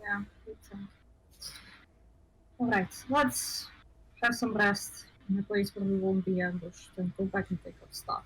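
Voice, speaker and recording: A woman's voice: mid-range voice, unhurried, a bit bright, breathy edge, low-quality recording. A woman player in a tabletop game, chatting casually with sassy remarks.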